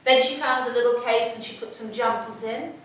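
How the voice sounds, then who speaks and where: A middle-aged woman telling a personal story to an audience in a lively, humorous way. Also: a little high, brisk. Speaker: speaker. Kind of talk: storytelling talk. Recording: echoey hall, mic from far off.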